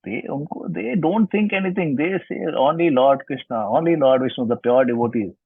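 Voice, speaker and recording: A man's voice: mid-range voice, a little fast, gravelly, breathy edge, no echo. A man telling scripture stories in an online lesson, explaining, repeating and rephrasing as he goes, on a video call. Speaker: scripture teacher. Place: online session from home. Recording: tinny video-call line.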